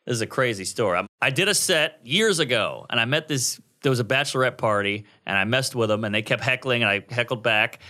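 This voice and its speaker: Bright, animated comedian from New Orleans. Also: male voice, fast, hardly any pauses. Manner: animated, crude joking, jumps into high put-on voices. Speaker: guest comedian. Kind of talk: casual podcast storytelling.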